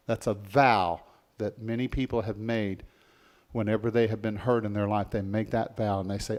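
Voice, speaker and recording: A man preaching a sermon as pastor, leading the congregation in call-and-response and swinging between soft and loud passages. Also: on the low side, fairly even intonation, measured pace.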